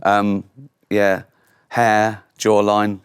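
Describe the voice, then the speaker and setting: A man's voice: fairly low pitch, completely flat delivery, drawn-out words, clean tone, no room sound, studio quality. A man, telling anecdotes in a casual chat and acting out other people's voices. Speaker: guest comedian.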